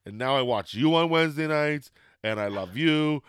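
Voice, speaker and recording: A man from Canada tells a rambling story in casual chat, getting loud and swearing when he acts out the exchanges. His voice is smooth and clear, and the recording is close and dry. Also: a little high, moderate pace, no room sound. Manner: animated, swearing, acts out quotes loudly.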